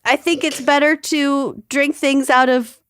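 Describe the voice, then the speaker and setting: A woman's voice: high-pitched, fairly even intonation, measured pace, a bit bright, no echo, studio quality. A woman in her thirties co-hosting a podcast, chatting casually with crude jokes and laughter. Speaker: podcast co-host. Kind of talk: casual chat and ad reads.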